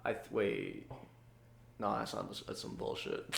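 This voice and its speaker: A man in his twenties hosting a podcast, chatting casually with a lot of swearing, quick interjections and laughter. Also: a little high, wildly swooping pitch, gravelly, sharp tone. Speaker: podcast host. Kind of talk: casual chat. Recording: roomy echo.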